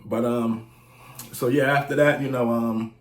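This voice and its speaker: In a casual vlog with a roomy echo, this American music reviewer in his forties spins unhurried stories in a steady, mid-range voice. He talks loosely with plenty of slang and keeps saying "you know what I'm saying."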